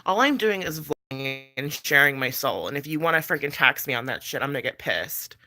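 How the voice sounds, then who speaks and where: A woman's voice: rumbling low, animated, brisk, pushed and bright. A pregnant woman vlogging in casual chat, blunt and chatty, swearing freely and laughing between thoughts.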